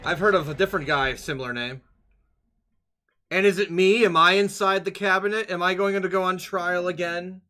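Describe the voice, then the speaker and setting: A man streaming a game, joking and swearing through excitable casual commentary. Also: sits high, moderate pace, faint music behind.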